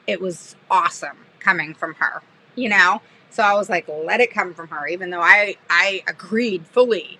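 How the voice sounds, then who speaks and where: A woman special education advocate chatting on a live stream, telling an animated, sarcastic story with frequent laughter. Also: mid-range voice, poor audio. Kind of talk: casual live-stream chat.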